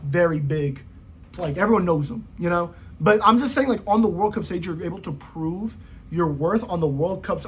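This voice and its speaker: A man's voice: a bit bright, slightly rough. A young man ranting casually to camera as a football vlogger, rambling, slangy and profane. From United States. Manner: rambling, slangy, profane, jumpy pitch swings.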